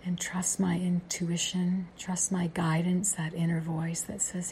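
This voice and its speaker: A woman around sixty hosting a guided meditation talk, speaking in a hushed, whispery, gentle way. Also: on the low side, flat delivery, slight background noise. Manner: gentle and unhurried, with drawn-out pauses. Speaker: meditation podcast host.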